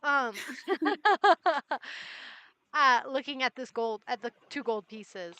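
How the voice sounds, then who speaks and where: A woman narrating as game master in a tabletop game, relaxed and full of fillers. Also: sits high, extremely slow, clean tone, no room sound.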